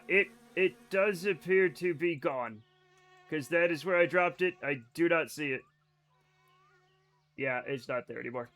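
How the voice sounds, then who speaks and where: A young man from Scotland streams a game, bantering and rambling with his chat and giggling a lot. His voice is a little high with a sharp tone, in a casual livestream style.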